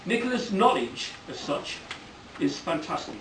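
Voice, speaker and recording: A middle-aged man giving a rambling, joke-filled father-of-the-bride speech at a wedding reception, breaking into loud bursts of praise. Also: high-pitched, sing-song, measured pace. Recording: echoey hall, from far off, loud background noise.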